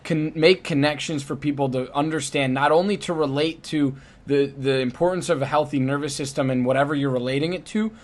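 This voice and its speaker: Higher-voiced male podcast host. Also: steady tone, brisk, hardly any pauses. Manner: affirming, restarts sentences. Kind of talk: casual interview chat.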